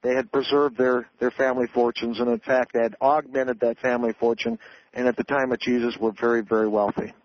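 A man's voice: medium pitch, fairly even intonation, fairly quick, dry recording. Lecturing male author on dull radio audio. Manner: earnest, lecturing, with frequent fillers and restarts. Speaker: author and interview guest. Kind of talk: radio interview.

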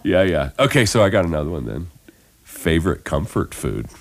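A man with an extremely deep, rumbling voice hosts a casual morning radio chat. His delivery swings widely in pitch, bouncing and animated. He is chatty, laughs easily and scatters fillers as he goes. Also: fairly quick, vocal fry. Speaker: radio show host. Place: radio studio.

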